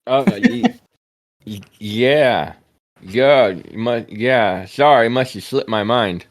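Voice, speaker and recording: A man's voice: medium pitch, sing-song, takes it slowly. A man playing a tabletop character, polite and a bit awkward. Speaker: player.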